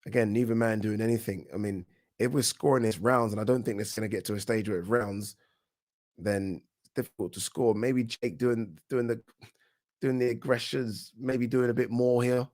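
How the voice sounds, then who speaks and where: A man with a British accent giving casual live commentary on a boxing match for his channel, chatty and quick to react, often restarting his words. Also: mid-range voice, steady tone, a little mellow. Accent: British English. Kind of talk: live watch-along fight commentary.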